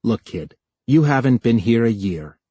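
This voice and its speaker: Brief: narrator doing a young male official, husky, clipped and resentful, dry sound. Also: mid-range voice, sing-song, unhurried, dry recording. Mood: bitter. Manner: bitter, sharp retorts. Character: young male time official, tense and defensive.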